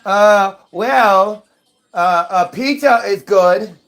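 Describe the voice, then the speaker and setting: A man's voice: high-pitched, fairly bright tone, exaggerated voice. Brief: a man as a flustered, stammering guest who cannot answer a simple question. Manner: stammering, halting. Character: dithering adult naming random things.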